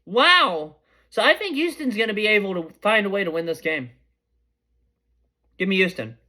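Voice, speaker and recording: A man's voice: high voice, fairly quick. Chatty young man giving sports picks. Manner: chatty, excitable, often corrects himself mid-sentence. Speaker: podcast host. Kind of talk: casual sports predictions.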